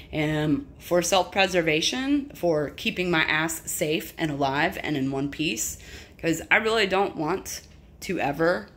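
A woman's voice: deep voice, a little hiss or hum. A middle-aged woman telling a personal story in a candid, emphatic way, swearing freely. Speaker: vlogger. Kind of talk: casual storytelling to camera.

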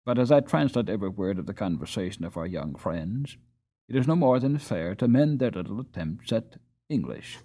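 A man's voice: fairly low pitch, lively intonation, normal speed, warm tone, breathy edge. A man reading a classic children's novel aloud as an audiobook narrator. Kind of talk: storybook reading.

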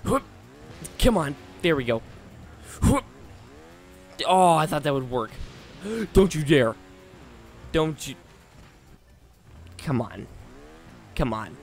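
Over faint background music, a man hosting a gaming channel comments live on his play, slowly and with long pauses. His pitch swings widely as he goes from low muttering at himself and the game to exasperated outbursts.

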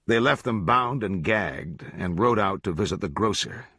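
A man reading a novel aloud as an audiobook narrator, in a steady, measured delivery. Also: fairly low pitch, husky, dry recording, clean studio sound. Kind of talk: scripted narration.

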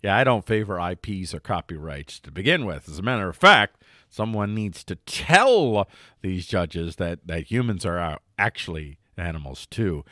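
Male host, casual news commentary, wry, joking, very lively pitch, dry voice. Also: no room sound. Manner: wry, joking, quick pitch jumps for emphasis.

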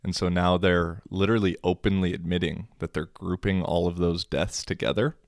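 A man's voice: low-pitched, steady tone, normal speed, dry recording, clean studio sound. A young man hosting a casual solo podcast, rambling and sarcastic, swearing freely. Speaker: podcast host.

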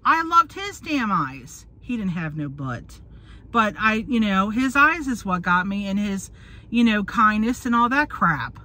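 A woman's voice: medium pitch, sing-song, unhurried, background noise. A woman in her forties chatting casually in a car, rambling and losing her train of thought. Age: 40s. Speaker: vlogger. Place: in a parked car.

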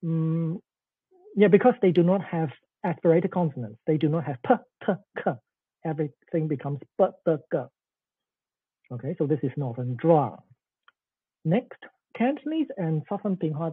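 Man lecturing, husky voice, dry tinny call audio, explanatory manner. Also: fairly high pitch, lively intonation, normal speed, dry recording. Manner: explanatory, with frequent fillers and checks like "okay". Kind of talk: online academic lecture.

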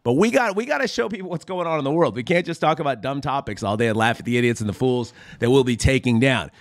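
A man's voice: medium pitch, expressive, fast, dry recording, studio quality. A man hosting a satirical political commentary show in a mock-preachy, sarcastic, folksy manner. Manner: sarcastic, folksy, keeps calling viewers "friends".

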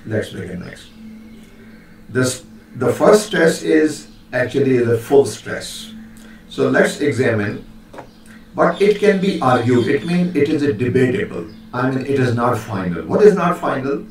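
A man's voice: medium pitch, big pitch swings, heavy reverb. Guy teaching phonetics, lots of uhs, sounds a bit far from the mic, faint hiss. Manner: slow, hesitant delivery with many fillers, demonstrating pronunciations. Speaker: linguistics lecturer. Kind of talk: recorded lecture.

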